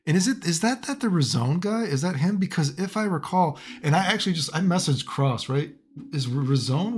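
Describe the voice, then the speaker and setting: A man's voice: medium pitch, a little mellow. A man giving casual, profane, rambling commentary as a fighting game streamer. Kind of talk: ranting commentary.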